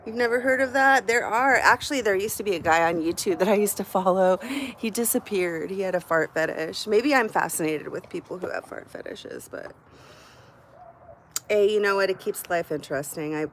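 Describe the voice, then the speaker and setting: A woman's voice: mid-range voice, normal speed, a bit bright, a little hiss or hum. A middle-aged woman hosting a live stream from home, chatting casually and candidly with her viewers and swearing freely. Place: at home, indoors.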